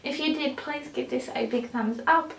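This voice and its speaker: A woman's voice: high voice, normal speed, creaky, a little hiss or hum. A young woman vlogger telling a personal story to camera in a chatty way, with many ums and likes. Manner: chatty, many "um"s and "like"s, bursts of laughter. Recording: echoey room.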